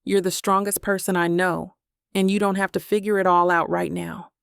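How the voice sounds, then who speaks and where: Read by a woman, this is a caring adult friend in an audiobook who presses her point in a firm, coaxing way. Her voice carries a gravelly texture in a dry, close recording. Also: on the low side, little pitch movement, moderate pace, no echo. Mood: pleading.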